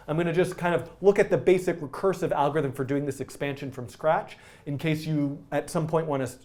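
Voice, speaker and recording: A man's voice: a little high, darkish tone. A man teaching a live-streamed coding lesson, talking through his code as he types and joking at his own expense. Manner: chatty, self-narrating while typing code; jokey, laughs at himself. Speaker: coding instructor.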